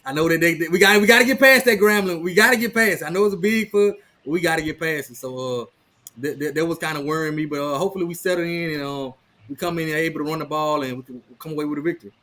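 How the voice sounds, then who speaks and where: A man in his thirties talks sports in a rapid, tumbling rush, his voice sitting a little high. He restarts and repeats words as his excitement gets ahead of him. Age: 30s. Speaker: guest, rival team insider. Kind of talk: casual sports talk.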